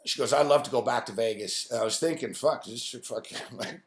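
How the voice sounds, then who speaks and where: A man's voice: medium pitch, brisk, echoey room. Profane rambling man on a live stream. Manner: profane, rambling, animated anecdote telling. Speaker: host. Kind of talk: casual storytelling on a live stream.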